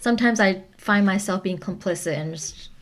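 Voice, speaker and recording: A young woman with a mid-range voice joins a casual group discussion. She keeps affirming the others with short replies and speaks in a relaxed, conversational way. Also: mid-range voice, normal speed. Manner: frequent affirming backchannels. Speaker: podcast co-host.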